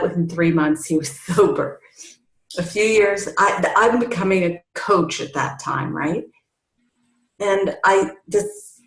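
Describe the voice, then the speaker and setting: A middle-aged woman coach telling her story in an interview, animated and acting out the voices she quotes. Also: on the low side. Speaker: family recovery coach, guest. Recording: roomy echoey sound.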